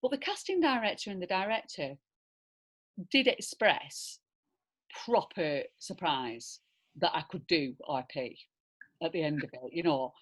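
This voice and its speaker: A woman's voice: on the low side, a little slow, pauses often, slightly rough. A woman with a rounded, slightly old-fashioned Lancashire accent, chatting casually as an actress guest in a Q&A, full of fillers and asides. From northern England. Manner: chatty, animated, many fillers and "do you know what I mean". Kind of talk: casual conversational Q&A.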